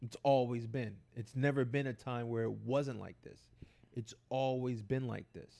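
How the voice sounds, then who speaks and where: A man with a gravelly, creaky edge to his voice, chatting on a podcast. He spins long personal stories in a loose, animated and foul-mouthed way, often slipping into the voices of the people in them. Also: medium pitch, normal speed. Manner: animated, profane, acts out dialogue in his stories. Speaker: podcast co-host. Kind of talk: casual podcast storytelling.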